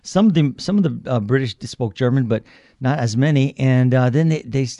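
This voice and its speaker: A man co-hosting a radio show from a studio, with a mellow, dark tone. He tells stories in a meandering way, full of restarts and fillers. The sound is close and dry, with no room around it. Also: mid-range voice, normal speed, no echo. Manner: rambling storyteller with many restarts. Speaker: radio co-host. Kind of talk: casual radio talk.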